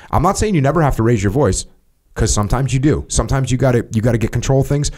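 A man's voice: medium pitch, animated, fast, darkish tone. A middle-aged man hosting a podcast, telling stories in casual conversation and acting out what people said. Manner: storytelling, acts out quoted voices. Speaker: podcast host.

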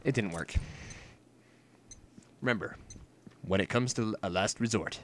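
A man's voice: on the low side, a little slow, fairly bright tone, a little hiss or hum. A man hosting a let's play, giving jokey, self-mocking running commentary while he plays. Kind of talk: gameplay commentary.

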